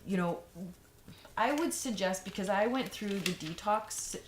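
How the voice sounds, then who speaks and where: A woman's voice: medium pitch, moderate pace. A woman vlogger giving frank, rambling advice in a casual monologue, full of fillers and restarts. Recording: echoey room, faint noise.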